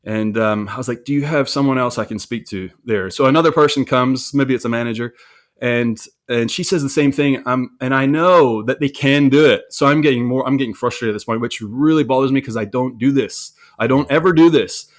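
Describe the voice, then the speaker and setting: A man's voice: mid-range voice, a little fast. A man telling a story about his own mistake in a candid, self-reflective way, with frequent restarts and repeated words. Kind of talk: conversational storytelling.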